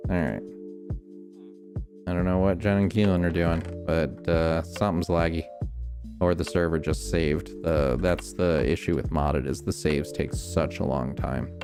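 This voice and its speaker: A man streaming a game, calmly explaining each step as he builds and thinking aloud. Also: low-pitched, slow, over music. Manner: relaxed, many ums and restarts. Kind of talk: casual gameplay commentary.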